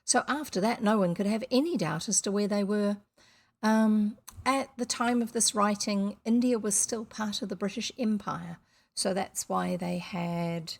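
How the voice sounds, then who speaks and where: A woman's voice: mid-range voice, gravelly, husky. Chatty woman reading a children's book aloud. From New Zealand. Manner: chatty, self-deprecating asides between passages. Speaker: audiobook reader on video. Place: seated indoors reading at camera.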